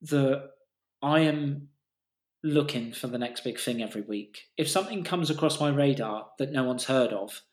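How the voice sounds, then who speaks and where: A man's voice: medium pitch, normal speed, reverberant. A man co-hosting a casual music podcast, talking enthusiastically and rambling with restarts and the odd swear. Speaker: podcast co-host.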